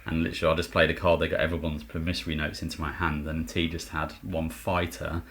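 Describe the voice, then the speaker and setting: A man chatting casually on a board game podcast, telling stories and acting out quotes. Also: fast talker. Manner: animated storytelling, acts out quotes in higher voice. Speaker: podcast co-host. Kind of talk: casual chat about board games.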